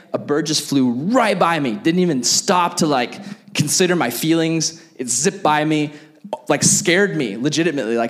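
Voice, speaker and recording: A young man preaching a relaxed sermon to a youth crowd, in a chatty, animated way full of fillers. His voice sits a little on the high side. He slips into short acted scenes to make his points. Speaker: youth pastor. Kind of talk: casual sermon to young people.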